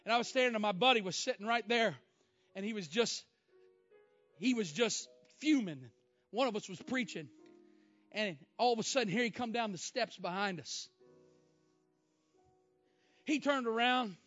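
A man preaching a sermon as a story, moving between loud exclamations and hushed, emotional lines. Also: moderate pace, long pauses. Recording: muffled low-fi sound with faint music.

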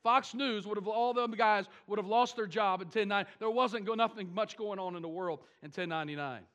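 A man preaching a sermon to his church, animated and with wry asides. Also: high-pitched, fairly quick, lo-fi sound. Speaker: pastor.

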